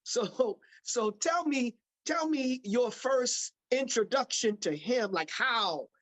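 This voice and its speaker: A man's voice: extremely high pitch, lively intonation, takes it slowly, fairly bright tone. A man hosting an interview who stammers and repeats words as he frames his questions. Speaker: interviewer, host. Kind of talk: casual interview talk.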